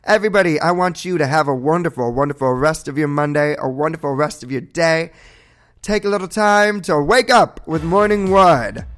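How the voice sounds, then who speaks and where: A man's voice: on the high side, moderate pace, fairly bright tone. A man hosting a morning podcast, chatting effusively to his listeners and guest, whooping and gushing with thanks. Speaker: podcast host. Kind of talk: upbeat show sign-off chat.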